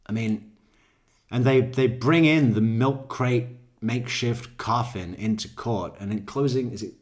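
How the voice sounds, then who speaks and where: A male true crime commentator talks slowly and casually, drifting between thoughts. He swears freely and chuckles at his own asides. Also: medium pitch, a little mellow. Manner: profane, rambling, laughs at own jokes. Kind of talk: casual commentary over court footage.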